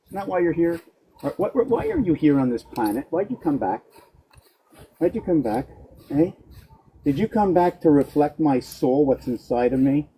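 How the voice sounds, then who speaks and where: A man in his forties rambling playfully to his dog and working through letter-number sums out loud. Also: fairly high pitch, big pitch swings, moderate pace, a little hiss or hum, poor audio. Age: 40s. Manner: rambling, playful, talks to the dog in a sing-song way. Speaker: vlogger.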